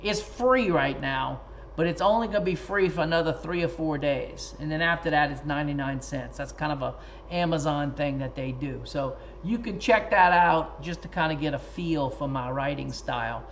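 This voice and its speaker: A man as a guest author in a casual interview, telling stories in a lively way and acting out what others said. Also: fairly high pitch, normal speed, slight background noise. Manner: animated, lively storyteller who acts out quoted speech. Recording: dull lo-fi recording.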